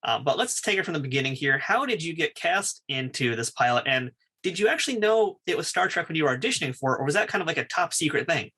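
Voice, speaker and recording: A man's voice: on the high side, lively intonation, fast, hardly any pauses, bright, forceful tone, husky. A male podcast host asking questions as an enthusiastic fan of the show. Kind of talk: interview questions.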